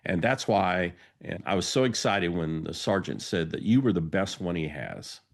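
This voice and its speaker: A man's voice: deep voice, big pitch swings, moderate pace, vocal fry. A man hosting a podcast, telling an anecdote in a storytelling monologue and acting out the lines of the people in it. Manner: anecdotal, acts out quoted dialogue. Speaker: podcast host.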